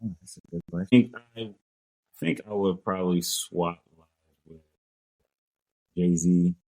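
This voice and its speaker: A young man, a sports coach, answering interview questions in a relaxed, thoughtful way with many fillers. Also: sits low, unhurried, poor audio. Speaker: strength and conditioning coach.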